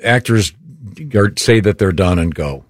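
A man's voice: low-pitched, measured pace, no room sound, studio quality. An older man co-hosting a casual show, rambling through birthdays with corny puns. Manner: corny punning jokes, rambling birthday list. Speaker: radio show co-host. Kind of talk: casual banter.

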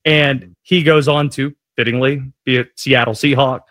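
A man's voice: medium pitch, normal speed, dry recording, clean studio sound. A man hosting a sports radio show, chatting casually and joking at his own expense. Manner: jokey, self-deprecating, animated.

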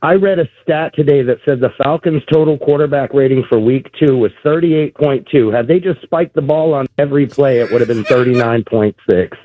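Brief: male caller, dry and exasperated, mid-pitched voice, tinny phone line. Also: fairly quick, hardly any pauses. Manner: wry, exasperated. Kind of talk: call-in phone chat.

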